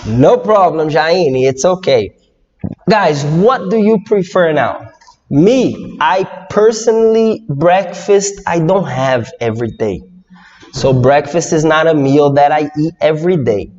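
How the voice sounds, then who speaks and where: A young man with a Brazilian Portuguese accent teaching a live online English lesson, reading out viewer comments and asking them questions. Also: fairly high pitch. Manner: slow, lively, reads viewer comments and asks questions. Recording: dull lo-fi audio with long reverb.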